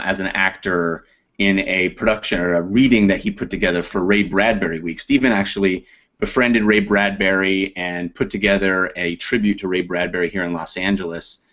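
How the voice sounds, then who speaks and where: Actor guy with a lowish voice, laid back and self-mocking, kinda muffled lo-fi sound. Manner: relaxed, self-deprecating. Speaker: audiobook narrator and actor. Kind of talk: casual interview chat.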